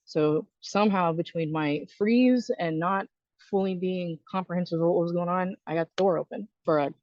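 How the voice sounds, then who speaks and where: A woman's voice: on the low side, moderate pace, a little mellow, no echo. A woman who is a Navy veteran speaks as a podcast guest, telling a personal story in a frank, conversational way with fillers and restarts. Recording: dull lo-fi dry recording.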